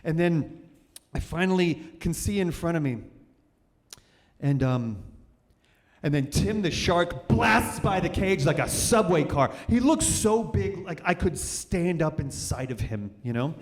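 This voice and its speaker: Animated male storyteller in a reverberant hall. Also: a little high, unhurried. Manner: animated, vivid, repeats and restarts. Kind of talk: live stage storytelling. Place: cultural center hall, on stage.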